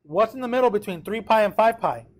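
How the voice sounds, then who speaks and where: A man's voice: sits high, lively intonation, fast talker. A man teaching a math class in a classroom, talking casually and checking in with his students often. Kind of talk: classroom lecture.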